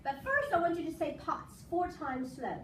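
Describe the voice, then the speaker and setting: Casting: patient woman tutor, high and lively voice, recorded far off in an echoey room. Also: normal speed. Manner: patient, coaxing, drills with call-and-response. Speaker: math teacher. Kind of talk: casual home math lesson. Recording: echoey room from far off, faint background noise.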